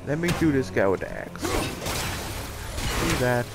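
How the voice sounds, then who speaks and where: A gamer giving casual commentary over gameplay, excitable and trash-talking at the game. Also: mid-range voice, takes it slowly. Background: game music and sound effects.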